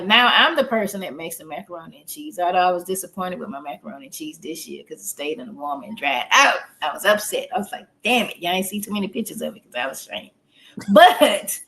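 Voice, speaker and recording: A woman's voice: medium pitch, a bit bright. A woman therapist talking casually on a podcast, explaining things in an earthy, joking way.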